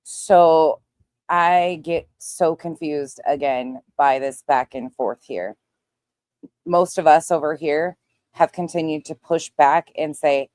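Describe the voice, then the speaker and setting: A woman's voice: deep voice, darkish tone, no echo. A woman commenting on a livestream clip, with dry, mocking asides. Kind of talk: sarcastic commentary over a clip.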